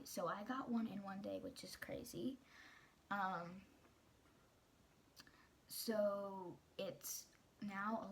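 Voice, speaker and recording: A woman's voice: mid-range voice, slight background noise. A teenage girl candidly telling a personal story in a vlog, rambling with fillers and restarts. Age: teens. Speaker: vlogger.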